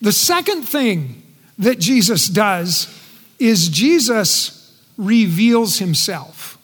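A man preaching a sermon in earnest, his voice dropping soft and quiet when he speaks quoted words. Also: high-pitched, very animated, extremely slow, husky. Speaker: pastor. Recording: long reverb in a large hall.

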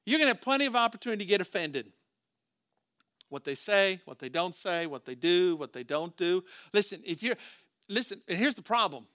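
A man's voice: sits high, big pitch swings, fairly quick, sharp tone, no room sound, clean studio sound. A man preaching a sermon as pastor, talking to the congregation in a conversational way, with rhetorical questions and frequent restarts.

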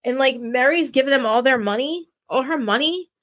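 This New Jersey woman hosts a podcast, her voice high and her pace moderate. She chats casually and rants about reality TV in an animated, rambling way, restarting often.

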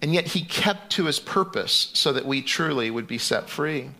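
A man's voice: on the high side, lively intonation, normal speed, pushed and bright. A middle-aged man preaching a sermon in a loose, conversational way, with frequent restarts and fillers. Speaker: pastor.

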